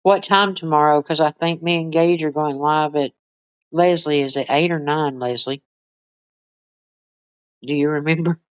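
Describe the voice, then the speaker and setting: A woman's voice: fairly even intonation, moderate pace, pauses often, smooth, dry recording, lo-fi sound. A woman, chatting casually with livestream viewers in a rambling way and cooing at her pets. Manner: rambling, chatty, talks to pets in high baby voice. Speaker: livestream host. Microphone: phone.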